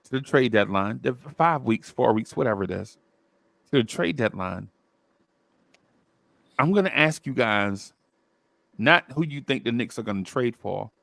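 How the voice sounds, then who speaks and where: A man's voice: mid-range voice, lively intonation, measured pace, vocal fry, long pauses, fairly bright tone, no room sound. A man co-hosting a casual sports talk show, laid-back and talking in loose restarts. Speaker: podcast co-host.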